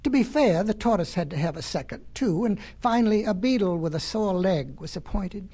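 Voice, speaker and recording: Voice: medium pitch, animated, brisk, dark tone, slightly rough. A storyteller reading a children's animal tale in a folksy way, with chatty asides to the listener.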